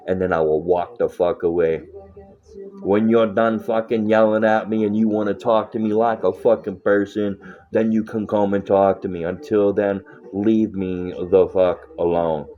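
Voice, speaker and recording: Low-voiced man, profane rambling livestream chat, muffled lo-fi sound. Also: level tone, moderate pace, mellow. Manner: profane, rambling, laughs often.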